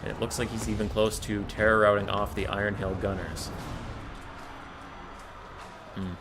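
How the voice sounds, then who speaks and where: A man with a fairly low voice casts a strategy game tournament live on stream. He is chatty, drifts into asides and answers his chat between calls. Faint music plays behind him. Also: level tone, normal speed. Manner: chatty, digressive, talks to chat viewers.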